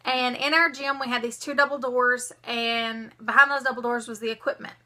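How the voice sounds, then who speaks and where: A young woman, telling a story to her vlog viewers in a dramatic, animated way. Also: on the high side, normal speed. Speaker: vlogger.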